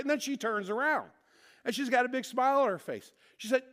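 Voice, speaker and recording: A man preaching as lead pastor, telling a story and then closing softly in prayer. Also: extremely high pitch, fast. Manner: storytelling, animated in anecdotes, soft in prayer.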